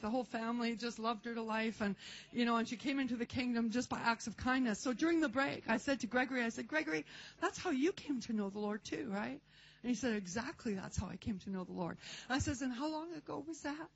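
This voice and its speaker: A woman with a high-pitched voice preaches a testimony sermon, telling stories animatedly, acting out the voices of the people in them, and laughing. The recording is dull and lo-fi.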